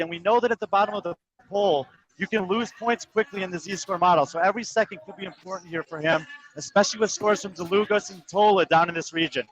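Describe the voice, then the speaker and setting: A man giving live play-by-play commentary on a fitness competition, calling times and placings in quick, precise detail. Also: high-pitched, fairly bright tone, low-quality recording. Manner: rapid, precise, number-heavy calling. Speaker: sports commentator.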